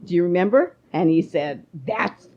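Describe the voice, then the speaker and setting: A woman hosting a political interview podcast, talking in an animated, opinionated way. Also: lowish voice, moderate pace, muffled recording. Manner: animated, opinionated, rising to exclamation. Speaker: podcast host.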